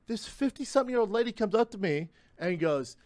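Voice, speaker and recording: Male podcast guest, rapid, dark-voiced storyteller in a dry clip. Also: high voice, dry recording. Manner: animated, profane anecdotes. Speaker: podcast guest telling stories.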